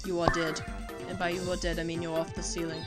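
A woman hosting a let's play, quick and offhand with chatty asides. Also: lowish voice, monotone, loud music behind the voice. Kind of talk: gameplay commentary.

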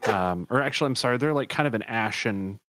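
A man's voice: mid-range voice, lively intonation, fast talker, fairly bright tone, no room sound, studio quality. A man narrating a tabletop game as dungeon master, rambling and correcting himself as he describes things.

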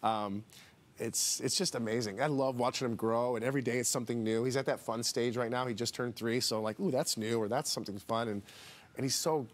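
A man's voice: medium pitch, fairly even intonation, fairly quick. A man in his forties, a reality TV guest chatting casually in a TV studio interview, rambling with restarts and turning emotional about family.

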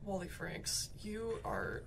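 A woman's voice: lowish voice, big pitch swings, slow pace, gravelly. A woman playing horror video games with joking commentary, often yelping and exclaiming when startled. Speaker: gaming YouTuber. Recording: game music behind the voice.

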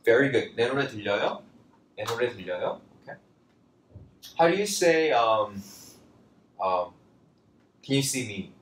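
A man teaching a casual language lesson, talking in a loose, chatty way with lots of fillers and lively bursts when he quotes phrases. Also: medium pitch, quick pace, long pauses, recorded from a distance. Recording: roomy, from off-mic, faint background noise.

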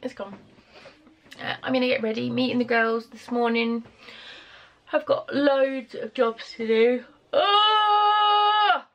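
A woman's voice: on the high side, flat delivery, highs cut off. A tired British woman vlogging at home, rambling chattily through her to-do list on a camera mic. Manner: chatty, rambling, quick asides. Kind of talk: casual chat to camera. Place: home, indoors.

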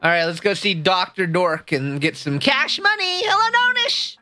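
A woman's voice: lowish voice, huge pitch swings, moderate pace, pushed and bright, faint music behind. A woman streamer playfully commenting on a game and chatting with her viewers. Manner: playful, jokey, chatting with chat.

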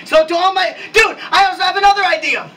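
Casting: a man as a very high, bright, shouty hype man, recorded far from a hissy mic. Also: fast talker. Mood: excited. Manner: shouty, excitable, slangy. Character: loud hyped-up male wrestling hype man. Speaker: wrestling staff character. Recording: distant mic with hiss.

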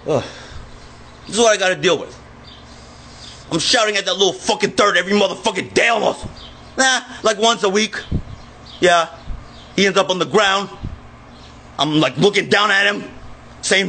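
A man ranting into his own camera, agitated and cursing, often bursting into shouts. His voice sits high for a man and has a husky, rough edge. The tone is sharp and bright. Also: normal speed, pauses often. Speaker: vlogger. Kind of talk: angry self-filmed rant.

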